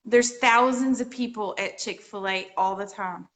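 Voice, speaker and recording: A woman's voice: mid-range voice, a little slow, a bit bright. A woman co-hosting a live DIY show, chatting casually and laughing easily. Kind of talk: casual chat.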